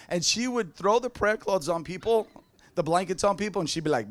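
Man, high-pitched, preacher, animated storytelling, laughs a lot. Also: a little fast, slight background noise. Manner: animated, laughing storyteller who mimics people. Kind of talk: storytelling sermon.

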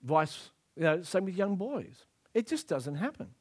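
A man's voice: high-pitched, sing-song, measured pace, darkish tone. A male preacher giving an emphatic sermon and acting out scripture scenes.

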